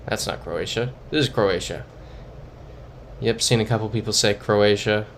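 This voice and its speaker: Young male streamer, low, unhurried, mumbled live commentary, faint background hum. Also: vocal fry. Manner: muttering, thinking aloud, reading chat.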